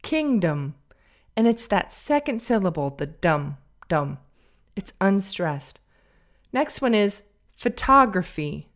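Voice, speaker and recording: Slow, careful woman teaching vowels. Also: medium pitch, very animated. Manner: slow, careful, drawn-out modeling of vowel sounds. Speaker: English pronunciation teacher. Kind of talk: podcast pronunciation lesson.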